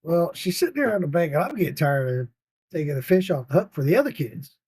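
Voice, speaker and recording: A man's voice: on the high side, sing-song, fast, a little mellow, husky, no room sound. An older man telling a rambling, profane story about his grandchildren, laughing often. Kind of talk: casual storytelling.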